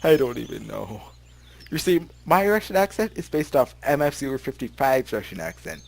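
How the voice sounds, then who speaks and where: A man's voice: mid-range voice, big pitch swings, normal speed, gravelly. A man at home in his bedroom, reading a visual novel's text aloud and chatting about it in a rambling, giggly way, often tripping over his words. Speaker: let's play gamer. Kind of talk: casual let's play commentary, reading game text aloud.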